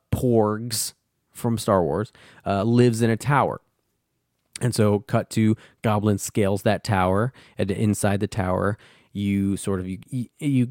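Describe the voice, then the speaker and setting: A man's voice: on the low side, darkish tone, no echo, clean studio sound. A man hosting a comic book podcast, recapping an issue in a loose, rambling way and swearing often.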